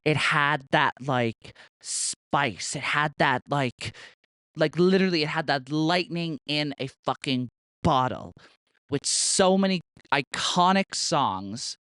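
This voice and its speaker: Brief: young male podcast host, smooth clear voice, dry close sound, excitable and sweary. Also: on the high side, takes it slowly, dry recording. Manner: chatty and gushing, full of "like" and swearing. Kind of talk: casual chat.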